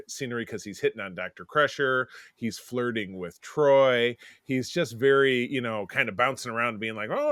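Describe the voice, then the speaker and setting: A man's voice: mid-range voice, a bit bright, dry recording, studio quality. A man in his forties co-hosting a podcast in casual chat, rambling and digressive with many restarts. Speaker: podcast co-host.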